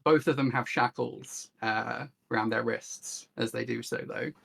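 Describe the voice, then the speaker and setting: Gravelly-voiced tabletop player. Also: mid-range voice, steady tone, unhurried, fairly bright tone.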